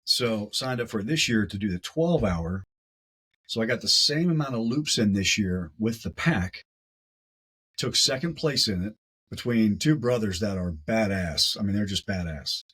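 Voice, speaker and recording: A man with a low, husky voice, a guest on a podcast telling a story. He talks casually and with animation, doubling up words as he goes. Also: animated, moderate pace, fairly bright tone, low-quality recording.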